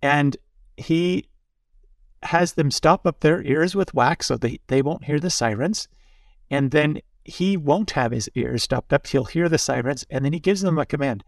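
A man's voice: a little high, a little slow, no echo, clean studio sound. A man, a Jesuit priest, giving reflective spiritual teaching in conversation and telling stories with little asides. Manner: storytelling, with asides like "huh?".

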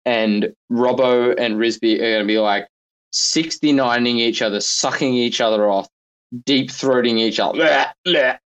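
A man's voice: medium pitch, moderate pace, a bit bright. A man telling stories in a loose, rambling way in a live audio chat room, filling his talk with "like" and laughing often. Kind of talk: casual banter.

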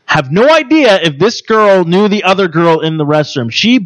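A man hosting a casual podcast chat, telling stories with lively put-on voices for other people. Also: normal speed. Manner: animated storyteller, does shrill voices for others. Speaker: podcast host.

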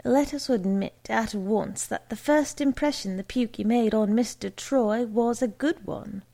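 Slow, gravelly woman reading a story. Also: on the high side, warm tone. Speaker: narrator.

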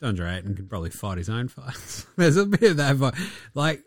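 Australian male podcast host, loose and sweary banter, mid-pitched, dry close mic. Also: very animated, moderate pace, no echo, faint music behind. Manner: jokey, sweary and rambling. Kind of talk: casual basketball podcast chat.

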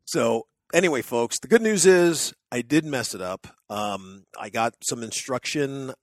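A man telling stories in casual chat, lively and full of restarts, acting out what others shouted. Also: mid-range voice, unhurried, dry recording, clean studio sound. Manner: animated storyteller, acts out crowd shouts.

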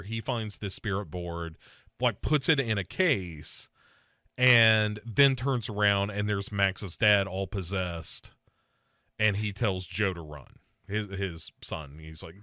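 A man with a bright, forward voice on the low side hosts a casual movie podcast. He rambles, restarts, and fills his talk with fillers. The recording is dry and close, with no room sound or echo.

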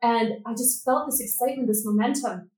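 A middle-aged woman, a guest on a podcast, telling her story and acting out the dialogue with lively energy. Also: on the high side, brisk, echoey room, rough recording. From Canada. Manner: lively, acts out quoted dialogue. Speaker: podcast guest, business coach. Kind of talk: storytelling interview.

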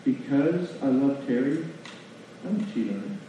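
A man preaching a sermon in a church, folksy and animated, asking the congregation questions. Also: medium pitch, moderate pace, a little hiss or hum. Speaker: pastor. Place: church sanctuary. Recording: distant mic in a very echoey hall, lo-fi.

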